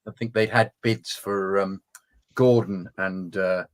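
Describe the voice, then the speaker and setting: Low, hesitant co-host, dry wit, dry close mic. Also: male voice, steady tone, takes it slowly, no room sound. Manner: hesitant, wry, searching for names. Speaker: podcast co-host. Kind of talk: casual football podcast chat.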